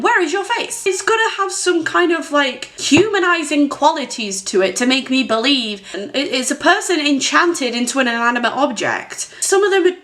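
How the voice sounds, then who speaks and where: Young woman, casual vlogger, talkative and giggly, pitched a bit high, wanders off on tangents. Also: a bit bright. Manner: chatty, giggly, rambling with frequent tangents. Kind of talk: casual film commentary vlog.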